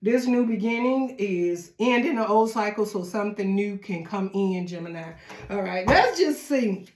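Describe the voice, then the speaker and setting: A woman's voice: mid-range voice, expressive, moderate pace. A woman giving a casual tarot reading, chatty and laughing often as she talks straight to the viewer. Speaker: tarot reader. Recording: echoey room.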